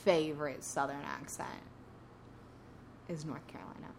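A woman's voice: sits low, steady tone, moderate pace, vocal fry, background noise. Young woman chiming in on a podcast. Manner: chimes in with brief remarks. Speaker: podcast co-host. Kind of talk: casual chat.

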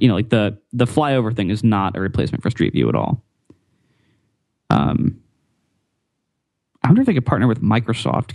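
A man's voice: fairly low pitch, gravelly, darkish tone, dry recording, clean studio sound. A man hosting a casual tech podcast, rambling and often repeating words with fillers.

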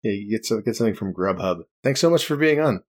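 A man's voice: lowish voice, animated, fast. A man hosting a podcast, chatting casually and chuckling often. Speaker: podcast host. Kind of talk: casual chat.

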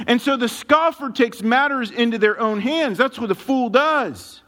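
A male pastor with a high voice delivers a sermon at an unhurried pace, leaning hard on words and dropping to low tones for weight. His voice rings through a large hall with a long reverb. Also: fairly bright tone. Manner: emphatic, dramatic swings of pitch and pace. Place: church sanctuary with congregation.

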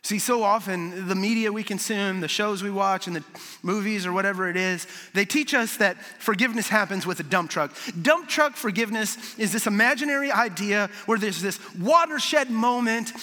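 A man preaching a sermon as a pastor, storytelling with animated swings and soft, low moments for emphasis. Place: large hall with audience. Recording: long reverb of a large hall.

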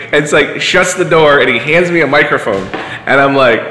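Fast-talking and sharp-toned, this medium-pitched man appears as a podcast guest, spinning stories in a loose, meandering way. Fillers and restarts crop up throughout the casual chat. It's recorded in an echoey room with long reverb and faint hiss.

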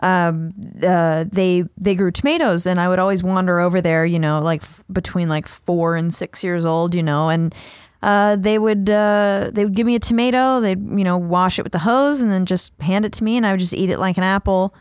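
Chatty woman with a smooth voice. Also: on the low side, steady tone, moderate pace, no echo, studio quality. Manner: rambling, chatty storytelling with many fillers. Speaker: podcast co-host. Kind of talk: casual chat.

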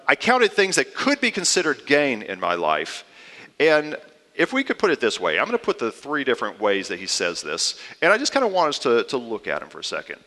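A man's voice: medium pitch, pushed and bright, big-room sound. A man preaching a sermon to his congregation, conversational and playful, with fillers and asides. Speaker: pastor.

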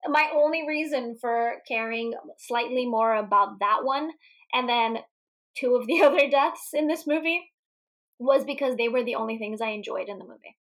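A woman co-hosting a casual movie podcast. She talks in an animated, giggly way and swears freely. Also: a little high, moderate pace. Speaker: podcast co-host.

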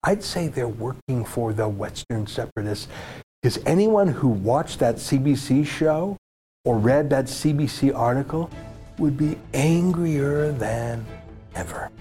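Sarcastic male show host, lively pitch. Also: unhurried, soft background music. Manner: mocking, exaggerated sarcasm. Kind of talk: sarcastic political commentary.

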